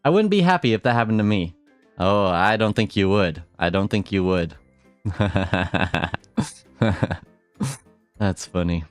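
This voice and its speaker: A man's voice: lowish voice, animated, fairly quick, soft background music. A young man chatting casually on a live stream, rambling through stories and laughing often.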